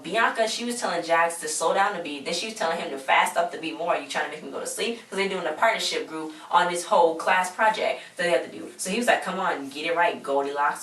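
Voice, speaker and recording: A woman's voice: fairly low pitch, a bit bright. A woman casually recapping a TV episode, chatty and rambling, acting out the characters' lines. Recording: echoey room, far from mic.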